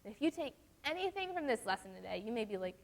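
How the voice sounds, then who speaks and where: Young woman, youth teacher; earnest, conversational, slows down for scripture. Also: a little high, big pitch swings. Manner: earnest, conversational, reads verses slowly. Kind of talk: casual church lesson with scripture reading.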